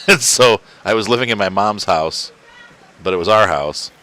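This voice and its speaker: A man talking through a let's-play at home, rambling from story to story and laughing often. His voice sits fairly low and sounds bright and forceful through a desk mic. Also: a little slow. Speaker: gaming channel host. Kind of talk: casual let's-play commentary. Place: home, indoors.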